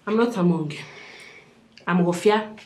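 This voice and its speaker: A woman's voice: fairly low pitch, moderate pace, a little mellow, lightly acted. A woman with a Nigerian accent playing a blunt, comic young tailor who scolds in broken English. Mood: teasing.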